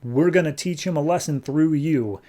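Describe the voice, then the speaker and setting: A man's voice: on the high side, moderate pace, mellow, pitched above the performer's own voice, close to an everyday voice. A man voicing a threatening male gang thug in a raised, blustering voice. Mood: menacing.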